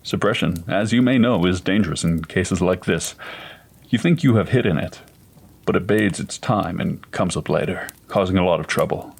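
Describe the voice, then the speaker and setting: A man reading aloud as a gentle, persuasive doctor in a spoken ghost story, calm and coaxing, pitched low with a husky, breathy edge. He sounds measured and patient, never hurried. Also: exaggerated voice. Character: gentle, persuasive middle-aged male doctor.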